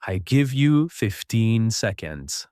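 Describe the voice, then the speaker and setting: Slow, lively-voiced man teaching English. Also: on the low side, no room sound, clean studio sound. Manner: slow, clear, encouraging, repeats phrases.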